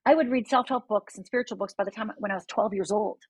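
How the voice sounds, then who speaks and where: A woman's voice: mid-range voice, fast talker, breathy edge, dry recording, low-quality recording. A middle-aged woman, a life coach appearing as a guest, telling her personal story in an earnest, vivid way and speaking straight to the listener. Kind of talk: personal storytelling in a podcast interview.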